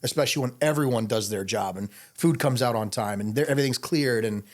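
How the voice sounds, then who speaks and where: Fast-talking rambling man. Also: mid-range voice. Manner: fast, rambling, with many fillers. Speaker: bartender and podcast guest. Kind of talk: casual interview storytelling.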